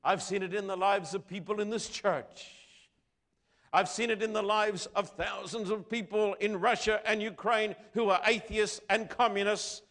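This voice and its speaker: Emphatic male preacher, fairly high voice. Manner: emphatic, rhetorical questions, swings between loud and soft. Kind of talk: sermon.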